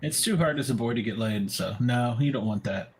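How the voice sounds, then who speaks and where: A man's voice: mid-range voice, a little fast, slightly rough. A man co-hosting a podcast in casual banter, joking crudely. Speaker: podcast co-host.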